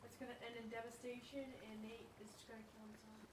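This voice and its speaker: A woman's voice: on the high side, little pitch movement, fast, roomy sound, distant mic, noisy background. A woman watching a game stream with a friend, playful and teasing.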